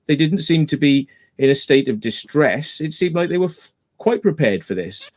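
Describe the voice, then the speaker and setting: A man's voice: fairly high pitch, sing-song, normal speed. Emphatic man hosting a stream. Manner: emphatic, repeats his points while retelling a dispute. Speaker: live-stream host. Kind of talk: casual live-stream chat.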